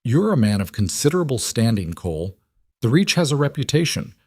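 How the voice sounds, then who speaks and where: A man voicing a condescending frontier matron who talks in a warm, managing, falsely sweet way in a storybook reading. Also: mid-range voice, big pitch swings, fairly quick, breathy edge, no echo, clean studio sound, pitched above the performer's own voice. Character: socially polished prairie matron, condescending. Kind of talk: storybook narration.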